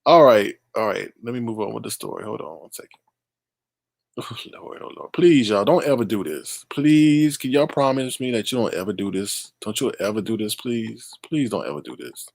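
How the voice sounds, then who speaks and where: Lively middle-aged man reading news. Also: fairly low pitch, moderate pace, creaky, no echo, studio quality. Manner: animated, exclaiming and laughing at the story; reads news aloud and talks to the chat. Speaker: live-stream host. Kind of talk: live-stream news commentary.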